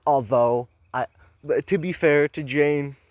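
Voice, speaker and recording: A man's voice: fairly high pitch, measured pace, a little mellow, no echo. A man reading a horror story aloud for the first time, breaking off into sarcastic, profane, rambling commentary. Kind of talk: blind reading with comedic commentary.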